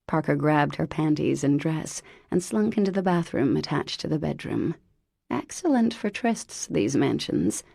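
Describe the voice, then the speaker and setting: Woman narrator for a romance audiobook, mellow and low, wry delivery. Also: gravelly, slightly rough, dry recording, clean studio sound. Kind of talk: scripted narration.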